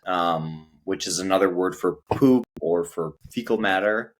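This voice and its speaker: An American man teaching English in a casual lesson, measured and careful in his explanations. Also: low-pitched, loud music behind the voice.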